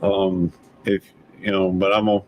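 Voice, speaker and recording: A man's voice: low-pitched, flat delivery, normal speed, muffled recording. A man from Mississippi, hosting a live stream in an easygoing, rambling way and calling people brother. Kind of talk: casual live stream chat.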